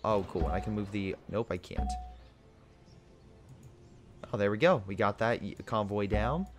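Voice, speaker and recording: Man, young adult, lowish voice, casual gameplay commentary, thinking aloud, game music behind. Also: moderate pace. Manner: thinking aloud while giving orders to units. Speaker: gaming video host.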